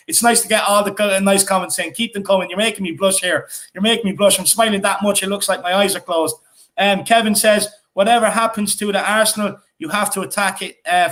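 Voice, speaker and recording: A man's voice: sits high, fairly bright tone. An Irish man co-hosting a fan channel stream, reading out viewer comments in a chatty way, with lots of fillers and repeats. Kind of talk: casual live-stream chat reading comments.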